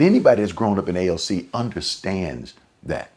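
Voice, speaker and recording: A man preaching a sermon in a conversational way. He repeats and restarts phrases, and his pitch and volume jump up suddenly for emphasis. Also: expressive, normal speed, hardly any pauses, a little mellow, slightly rough. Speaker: pastor.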